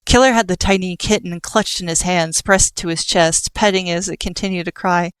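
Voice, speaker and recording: A woman reading an audiobook in a steady storytelling manner. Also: lowish voice, normal speed, few pauses, clean tone, no echo. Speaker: audiobook narrator. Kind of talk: scripted audiobook narration.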